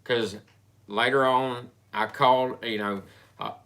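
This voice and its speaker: A man telling a personal story in casual chat, rambling and halting with frequent restarts. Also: mid-range voice, fairly even intonation, pushed and bright.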